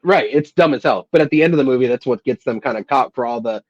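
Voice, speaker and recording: A man's voice: medium pitch, fast talker, darkish tone, no room sound, lo-fi sound. Rambling man chatting about movies. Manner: rambling, quotes lines in a raised voice. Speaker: podcast co-host. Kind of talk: casual chat about a film.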